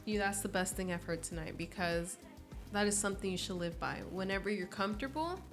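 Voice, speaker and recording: Expressive young woman podcast guest. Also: medium pitch, a little fast, over music. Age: early 20s. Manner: expressive storyteller, acts out quoted voices. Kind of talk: casual interview chat.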